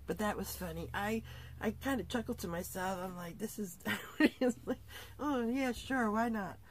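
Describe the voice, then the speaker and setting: A middle-aged woman talks into her camera from inside her camper at the end of a long day. She sounds tired but keeps laughing as she recounts the story, jumping up in pitch whenever she mimics someone else. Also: a little slow, a little hiss or hum. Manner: animated, laughing often, acting out quoted voices. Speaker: vlogger. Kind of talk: casual storytelling vlog.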